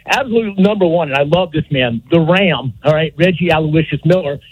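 Male caller with a high, husky voice; chatty, hesitant, dry phone-in sound. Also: fairly quick, dry recording, highs cut off. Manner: chatty, filler-heavy, hesitant. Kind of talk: call-in radio comment. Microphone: phone call.

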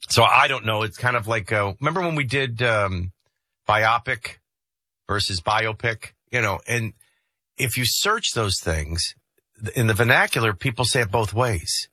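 Through a studio microphone comes a lowish male voice with lively intonation, bright and pushed with a breathy edge, at a moderate pace and studio quality without room sound. He hosts a morning talk radio show in the studio, casually discussing sports and reading the news with frequent restarts.

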